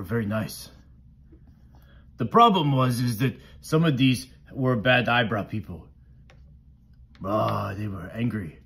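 A man's voice: on the low side, a bit bright, husky, heavily acted. A man doing Cookie Monster teaching kids. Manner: broken simple grammar, playful. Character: friendly blue male monster puppet teaching kids. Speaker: children's Bible teacher. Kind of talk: children's Bible lesson.

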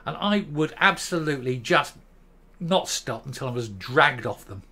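A man in his fifties hosting his own channel, ranting bluntly and profanely to camera and stopping now and then to calm himself down. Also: medium pitch, moderate pace. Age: 50s. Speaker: commentary channel host. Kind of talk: angry opinion rant to camera.

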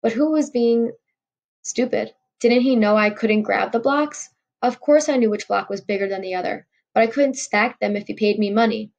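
A woman's voice: fairly high pitch, moderate pace, gravelly, darkish tone, dull audio. A woman reading a novel aloud in a wry first-person storytelling voice. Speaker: audiobook reader.

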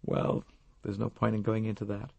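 A man's voice: on the low side, monotone, gravelly, a little mellow, dry recording, dull audio, pitched above the performer's own voice. A man doing an evasive older American businessman. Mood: confiding. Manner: folksy, halting, confiding.

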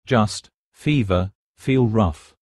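A man voicing a feverish young British officer, speaking weakly and slowly. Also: lowish voice, a little mellow, dry recording. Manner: weak, slow, tired. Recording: dry close studio recording.

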